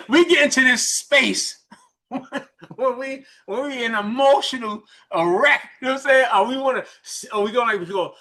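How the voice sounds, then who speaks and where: Speaking in a very high voice, a business mentor from New York with a matching accent delivers a quick, lively coaching talk on a group call. He often restarts his sentences and repeats his questions.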